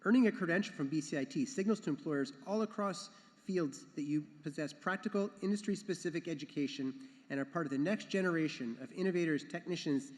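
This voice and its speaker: A man with a fairly high voice speaks quickly as chair of the education council at a graduation ceremony. His speech is earnest and sometimes repeats itself, and the large hall gives the recording a long reverb.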